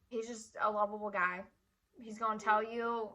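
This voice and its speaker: A woman's voice: medium pitch, level tone, normal speed, a bit bright. A young woman from Michigan telling a personal story in a casual, chatty way, full of "like" fillers. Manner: chatty, frequent "like" fillers, emotional retelling. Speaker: vlogger.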